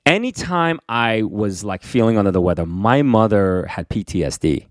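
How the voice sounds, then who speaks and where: A man in his forties, born in Korea, co-hosting a podcast and telling a lively personal story with laughter. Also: fairly low pitch, moderate pace, no echo, clean studio sound. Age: 40s. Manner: animated, laughing, acts out voices. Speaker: podcast co-host. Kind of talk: casual storytelling chat.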